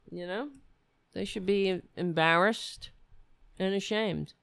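A woman hosting a live-stream show, ranting and rambling in casual chat as she thinks aloud, her voice going hoarse. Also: mid-range voice, slow, a bit bright, dry recording, studio quality. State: losing her voice.

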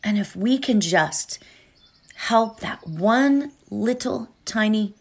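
A woman's voice: mid-range voice, expressive, slow. A woman giving an earnest, emotional talk before a guided meditation, often asking "right?".

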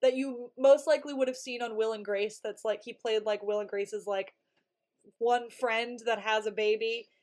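Speaking at a moderate pace in a slightly high register, a woman casually summarizes a TV episode for the podcast she co-hosts, performing the characters' lines with animation along the way.

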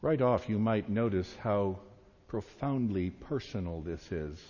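A man delivering a sermon as a pastor, reading slowly and meditatively. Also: on the low side, animated, dark tone. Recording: echoey hall, dull sound.

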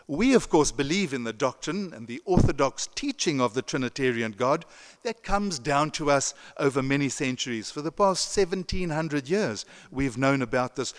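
A male pastor giving a sermon in a conversational way, with chuckling asides and frequent restarts, and an English accent that is not American. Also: medium pitch. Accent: non-American English. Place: church sanctuary. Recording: long church reverb.

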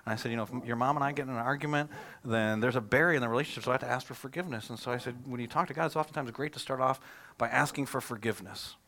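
A man, a pastor, preaching a sermon in a conversational, animated way, telling stories and asking rhetorical questions. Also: medium pitch, rapid-fire.

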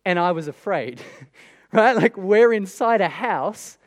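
A man's voice: high-pitched, lively intonation, takes it slowly, long reverb tail. A man preaching a sermon in a conversational way, with many rhetorical questions. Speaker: pastor.

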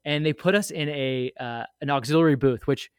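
A man casually telling an animated, rambling story full of asides, as a guest on a podcast. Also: medium pitch, a little fast, clean tone, no echo, studio quality. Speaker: guest sharing a fan memory.

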